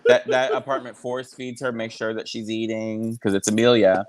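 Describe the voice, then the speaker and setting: A podcast host with a steady, medium-pitched voice chats casually and cracks jokes about reality TV, tossing in quick asides. There's a little hiss or hum in the recording.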